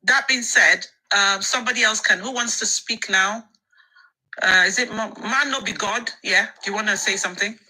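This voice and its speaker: A woman hosting an online discussion, brisk and affirming as she hands the floor to each speaker. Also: medium pitch, pushed and bright, breathy edge, rough recording. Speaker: host.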